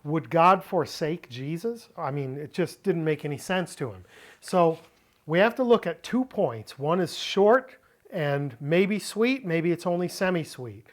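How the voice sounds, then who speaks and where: A man teaching a Bible word-study lesson, explaining Greek grammar slowly and deliberately, often repeating phrases. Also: fairly high pitch, lively intonation. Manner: slow, deliberate explaining with repetitions.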